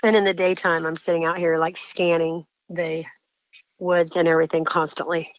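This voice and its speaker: A woman's voice: on the low side, flat delivery, dry recording. Shaken woman caller, dull audio. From Indiana. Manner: shaken, halting, restarts mid-sentence. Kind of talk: telling a personal encounter story.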